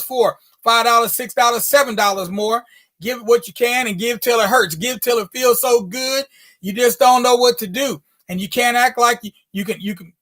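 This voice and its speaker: A male host wrapping up his show with playful, folksy banter, rhyming and repeating himself for fun. His voice is very high and bright. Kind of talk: casual sign-off.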